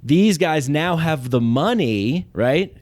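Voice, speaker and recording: A man's voice: a little high, lively intonation, slow pace, darkish tone, no room sound. A man hosting a comedy podcast, rambling and profane and often giggling. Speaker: podcast host.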